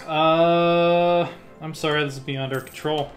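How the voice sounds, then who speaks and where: A man's voice: a little high, fairly even intonation, takes it slowly, soft background music. A man hosting a strategy game playthrough, thinking aloud as he clicks through menus and muttering half-finished plans. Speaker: let's play host. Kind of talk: casual gameplay commentary.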